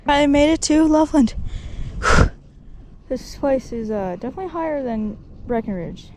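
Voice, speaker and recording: A woman vlogging a ski trip outdoors, chatting casually and checking on friends in an animated, concerned way. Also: high-pitched, normal speed, slight background noise. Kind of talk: casual chat. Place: outdoors on ski slopes and lifts. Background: loud music.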